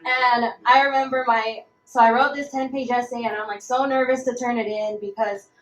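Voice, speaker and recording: Animated young woman telling a story. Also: fairly high pitch, moderate pace, crowd noise. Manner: animated, acts out quoted voices. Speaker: roundtable speaker. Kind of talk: personal storytelling. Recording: echoey room.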